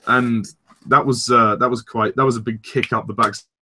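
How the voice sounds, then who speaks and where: Bright-voiced young man rambling about films. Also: mid-range voice, fairly even intonation, normal speed. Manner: rambling, enthusiastic, frank with swearing. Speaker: film reviewer co-host. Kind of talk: casual film discussion.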